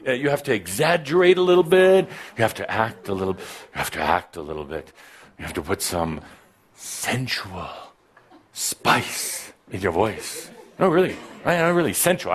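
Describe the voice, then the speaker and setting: A man's voice: low-pitched, fairly bright tone, slightly rough. A man giving a live spiritual talk to a gathering, playful and teasing, with an exaggerated, theatrical delivery. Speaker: spiritual teacher addressing a gathering.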